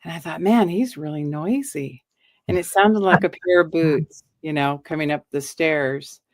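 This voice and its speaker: A middle-aged woman with a fairly low voice recounts her own haunting with animated, acted-out quotes. The sound is dry and close, with no room around it. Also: moderate pace, no room sound. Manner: animated, acts out quoted lines. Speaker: guest storyteller. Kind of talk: telling a personal ghost story.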